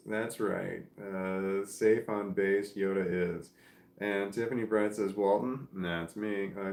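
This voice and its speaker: A man's voice: lowish voice, echoey room. A man hosting a livestream, chatting casually and reading out viewer comments, rambling with many restarts. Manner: rambling, with frequent restarts and filler. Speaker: livestream host.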